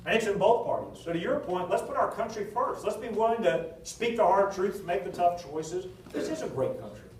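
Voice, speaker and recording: A man, a political candidate, answering at a town hall meeting, telling anecdotes with jokes in a lively storytelling manner. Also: high-pitched, brisk, hardly any pauses, recorded from a distance, a little hiss or hum. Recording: echoey hall recorded from afar.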